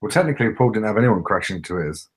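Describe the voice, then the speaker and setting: A man's voice: lowish voice, expressive, fast talker, breathy edge. A British man co-hosting a casual podcast, dry and teasing. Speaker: podcast co-host. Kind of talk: casual chat.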